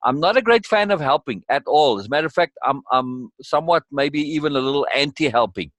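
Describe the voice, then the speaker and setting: A man's voice: on the high side, expressive, brisk, a bit bright, dry recording. A man leading a course session in conversational teaching style, emphatic and repeating key words for weight.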